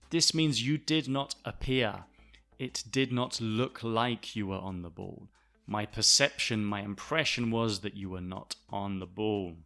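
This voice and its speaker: A man from the south of England with a Southern English accent, explaining English vocabulary to learners in a clear, deliberate way. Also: on the low side, sharp tone. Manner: clear, deliberate, spells words out. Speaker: English teacher, podcast host.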